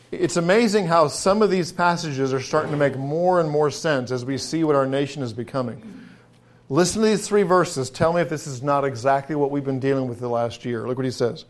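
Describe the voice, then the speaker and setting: A middle-aged man preaching a sermon in a folksy way, building to emphatic, drawn-out stresses on key words. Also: a little high.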